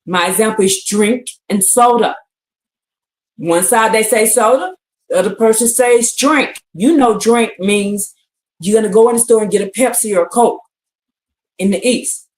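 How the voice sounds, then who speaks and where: A woman's voice: a little high, moderate pace. Woman, livestream Bible teacher, repetitive emphatic delivery, roomy echo. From United States. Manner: repetitive, emphatic, often asks "you see what I'm saying?". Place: indoors on a livestream, answering chat.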